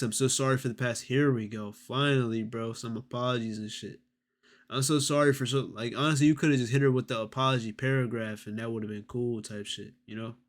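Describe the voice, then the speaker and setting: A male streamer reacts live in loose, profane slang. His comments carry a dry, mocking edge. His voice sits at an ordinary middle pitch. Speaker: streamer host.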